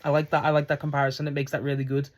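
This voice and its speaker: A man's voice: fairly high pitch, monotone, rapid-fire. A man giving a casual spoken review of a wrestling show, rambling with lots of fillers and swearing. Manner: rambling, profane, frequent restarts and fillers.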